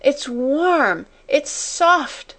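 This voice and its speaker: A woman reading an audiobook, voicing a young girl who talks in breathless, quick exclamations. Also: a little high, sing-song. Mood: breathless wonder. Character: young girl, wondering and overwhelmed. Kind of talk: audiobook character voice.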